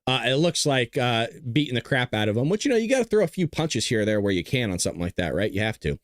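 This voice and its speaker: A blunt, combative man riffs to his live chat. His pitch swings widely as he talks. The sound is dry and close, and he keeps clearing his throat. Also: big pitch swings, quick pace, no room sound. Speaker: show host. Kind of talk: livestream commentary to a chat.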